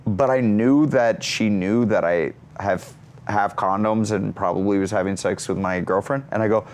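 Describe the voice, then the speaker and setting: A man's voice: on the low side, moderate pace. A man who is an actor and comedian, telling comic stories as a guest in an interview. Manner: animated, comic storyteller. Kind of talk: storytelling in an interview.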